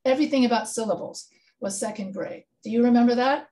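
A woman's voice: a little high, fast, warm tone, slight background noise. A woman teaching a grammar lesson in an online class, explaining rules step by step and checking in with her students. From Texas. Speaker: writing instructor.

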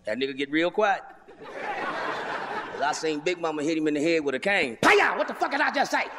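Profane, high-voiced male stand-up comic. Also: a little fast, background noise. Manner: profane, loud, animated storytelling. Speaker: stand-up comedian. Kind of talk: stand-up comedy. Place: large venue with audience. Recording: live hall with loud crowd.

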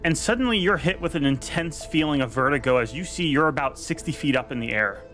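A slightly high-voiced man runs a tabletop adventure as dungeon master, drawing out his descriptions slowly and dramatically. He talks into a headset on a video call, with soft music playing underneath. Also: animated. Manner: vivid descriptive narration, slowing down for dramatic effect. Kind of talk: narrating a tabletop game.

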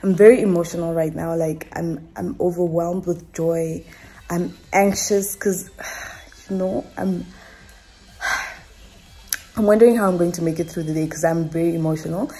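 Speaking in a Namibian accent, this young woman talks to her camera indoors at home in an emotional, rambling way, full of fillers and false starts. Her fairly low, mellow voice is unhurried and fairly even, with frequent pauses.

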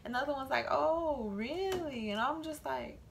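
A young woman vlogging casually to her camera, telling animated stories and acting out the voices of the people in them. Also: high-pitched, moderate pace, creaky, a little hiss or hum. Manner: animated storytelling, quoting voices.

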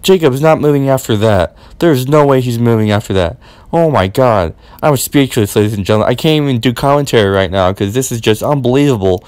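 A young man giving excited play-by-play commentary on a wrestling match, repeating his exclamations and swinging between hushed and loud. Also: mid-range voice, a little fast, smooth, no echo.

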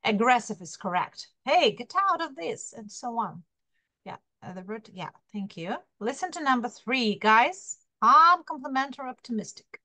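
A woman's voice: fairly high pitch, normal speed, pushed and bright, dry recording. A woman teaching an English class online over a video call, coaxing her students and calling on them by name while repeating key words.

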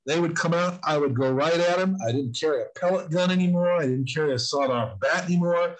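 An older man telling stories earnestly as a guest in an interview, with emphatic, drawn-out stresses on key points. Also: a little high, a little hiss or hum, poor audio. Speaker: guest on spiritual warfare. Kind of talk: storytelling in casual interview.

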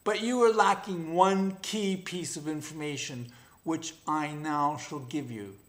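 A man voicing a patient, stern mother lioness in a storybook reading, calm and measured. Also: on the high side.

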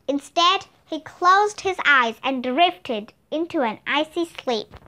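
A woman narrating a children's storybook with steady, expressive reading. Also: very high voice. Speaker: audiobook reader.

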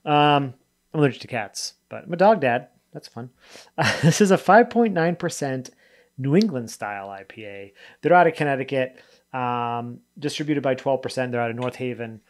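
A man in a relaxed beer review vlog, with an average-pitched voice. He talks off the cuff and rambles, drifting between thoughts and fixing his words mid-sentence. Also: normal speed. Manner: rambling and chatty, often trailing off and correcting himself; loose, spontaneous tasting commentary.

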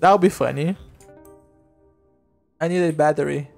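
A male streamer chatting casually to his audience while playing a game, rambling and laughing, with sudden loud outbursts. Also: a little high, normal speed, creaky, soft background music. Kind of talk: casual gameplay livestream chat.

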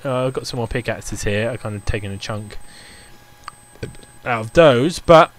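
A man's voice: medium pitch, animated, moderate pace. A young man commentating his Minecraft game, ranting in an exasperated, repetitive way. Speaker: gaming YouTuber. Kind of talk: Minecraft let's play commentary.

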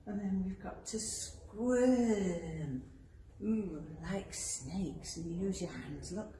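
A woman leading a children's library rhyme session, singing action songs and coaxing little ones along in a lively, playful sing-song. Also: medium pitch, drawn-out words, far from the mic. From England. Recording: echoey room, voice away from the mic, noticeable background noise.

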